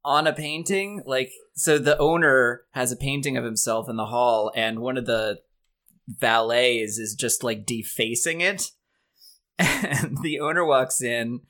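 A man hosts a relaxed conversation about a classic film. He steers the discussion and recaps scenes with dry, wry asides. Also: mid-range voice, unhurried. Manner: leads the talk, recaps the plot with wry asides. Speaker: podcast host. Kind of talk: casual movie discussion.

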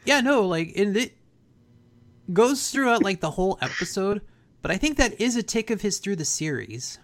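A man's voice: high voice, very animated, normal speed. A man in casual chat, recapping an episode in a laid-back, slangy way. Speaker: podcast host.

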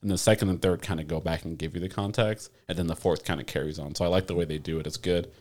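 A man co-hosting a podcast, chatting casually with a low voice. He talks quickly, rambling through fillers and cursing freely. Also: fairly even intonation, darkish tone. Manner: rambling, filler-heavy, profane. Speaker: podcast co-host. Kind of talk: casual chat.

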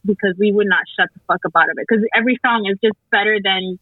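A woman's voice: medium pitch, fast talker, slightly rough, no echo. Chatty woman on a tinny line. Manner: chatty, excited, casual slang. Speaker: podcast co-host. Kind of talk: casual podcast chat.

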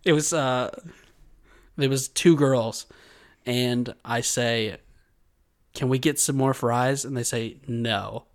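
A man's voice: medium pitch, takes it slowly, pauses often. Rambling, laughing man telling stories. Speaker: podcast co-host. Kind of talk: casual chat, telling a dream story.

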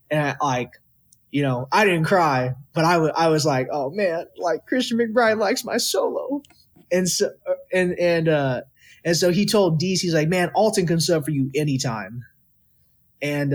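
Animated young man telling stories. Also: on the high side. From Texas. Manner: animated, quotes people in lively voices. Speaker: guest musician. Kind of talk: casual storytelling interview.

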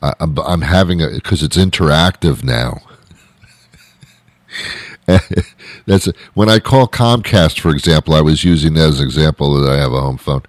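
A man's voice: extremely low pitch, normal speed, pauses often, dry recording. A man delivering an exasperated, comic rant with lots of repetition and restarts. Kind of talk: ranting monologue.

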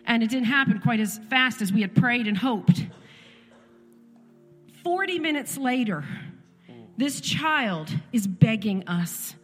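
Woman, 30s, worship leader; earnest storyteller, higher voice, in a long-echo church hall over soft music. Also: animated, unhurried. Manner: earnest storytelling, emphatic repetition. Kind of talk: church devotional talk.

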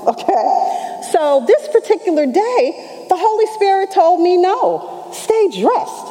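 A middle-aged woman church elder telling a testimony in an animated storytelling manner, acting out the voices she quotes. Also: sits high, long reverb tail, low-quality recording. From New York. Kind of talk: testimony sermon.

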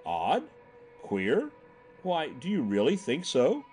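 A man's voice: fairly high pitch, wildly swooping pitch, takes it slowly, darkish tone, soft background music, full character voice. A man doing a suave old asylum director. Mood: confiding. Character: genial, elderly asylum director, male, smooth-talking.

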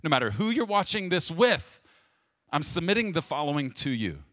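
A man preaching a sermon to viewers, emphatic and plain-spoken, dropping to hushed low lines between loud stresses. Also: sing-song, normal speed, no room sound, clean studio sound. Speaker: pastor.

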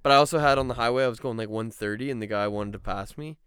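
A man's voice: mid-range voice, very fast, a crowd in the background. A young man co-hosting a podcast, ranting in casual chat with plenty of swearing. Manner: animated ranting, swears freely. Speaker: podcast co-host.

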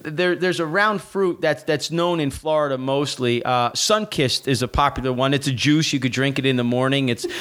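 A man's voice: medium pitch, moderate pace, hardly any pauses, a bit bright, clean tone. A man hosting a casual chat, stammering and restarting as he jokes. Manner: stammering, joking, restarts often.

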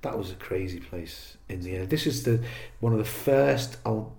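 A man from Liverpool, a comedian, tells gig stories in a relaxed, casual chat. His delivery is lively: he jumps up for the punchlines and drops low for the asides. The room around him is echoey. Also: moderate pace, vocal fry. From Liverpool, England. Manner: animated storyteller, acts out heckles in quoted voices. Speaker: comedian guest.

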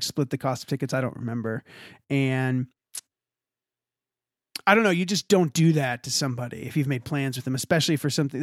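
Young male co-host, casual and animated, mimics other people's voices mid-story, slightly high pitch, dry close recording. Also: no room sound. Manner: animated storyteller, acts out quoted voices with big pitch jumps. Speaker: podcast co-host telling a story. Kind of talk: casual chat.

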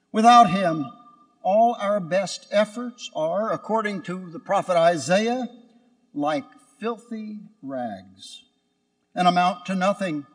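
Slow, high-voiced priest in a reverberant church. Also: male voice. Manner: earnest, storytelling. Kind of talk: sermon with a told story. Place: church at Sunday Mass.

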